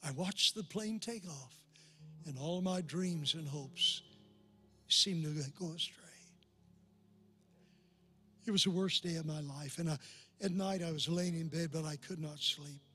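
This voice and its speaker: An older male pastor with a high, husky voice preaches to a large congregation. He tells his story earnestly and swells to loud, passionate peaks, with soft music behind him. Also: measured pace, pauses often. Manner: impassioned preaching, building to loud climaxes. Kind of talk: sermon. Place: large church before a crowd.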